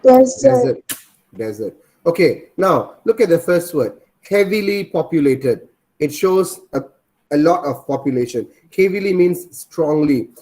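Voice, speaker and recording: Male teacher, slightly high voice. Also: very animated, measured pace, mellow. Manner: repeats points and quizzes students. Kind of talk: online class teaching.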